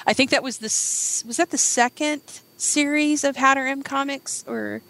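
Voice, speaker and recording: Woman interviewer, eager fan energy, bright crisp voice, fairly high. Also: normal speed, low-quality recording. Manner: gushing, enthusiastic fan. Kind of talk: casual interview chat.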